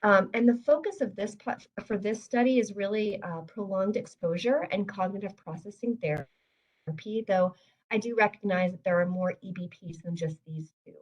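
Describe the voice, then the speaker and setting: Brief: woman researcher, mid-pitched, chatty presenter, lots of "um" and "you know". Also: moderate pace, muffled recording. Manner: friendly, filler-heavy, "you know" and "um". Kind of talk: webinar presentation.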